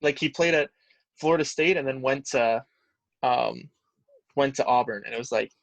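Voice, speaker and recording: As a guest in a casual storytelling interview, this Canadian man in his twenties, a pro football lineman, rambles reflectively and fills his speech with "like." He has a medium pitch with vocal fry and talks at a moderate pace, captured in a dry recording.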